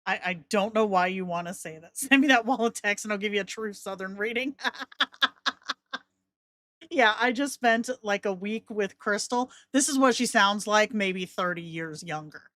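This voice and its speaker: A woman's voice: mid-range voice, moderate pace, a bit bright, no echo, studio quality. Chatty woman hosting a tutorial. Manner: chatty, rambling, laughs often. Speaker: tutorial host. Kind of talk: casual screen-share tutorial.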